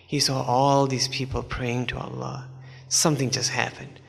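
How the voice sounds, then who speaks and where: A man's voice: medium pitch, level tone, moderate pace, vocal fry, a little hiss or hum. A man telling a story in a sermon, in a conversational way with many asides. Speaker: preacher. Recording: long hall reverb.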